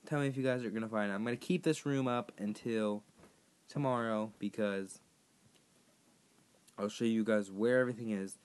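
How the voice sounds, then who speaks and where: A hoarse man who has partly lost his voice, chatting casually to viewers as he plays a game and sets tasks for them. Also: on the low side, moderate pace, pauses often. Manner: rambling, chatty, addressing viewers directly. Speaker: gaming YouTuber. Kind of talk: casual gameplay commentary.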